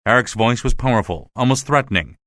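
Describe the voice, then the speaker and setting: Lively-voiced male storybook narrator. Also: mid-range voice, brisk, dry recording, clean studio sound. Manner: dramatic, expressive storytelling. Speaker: audiobook reader. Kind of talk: scripted narration of a graded reader.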